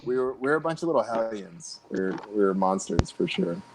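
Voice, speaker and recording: A man's voice: medium pitch, expressive, fairly quick, creaky, background noise. A man telling a rowdy story in casual chat, brash and swearing freely. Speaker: panel guest.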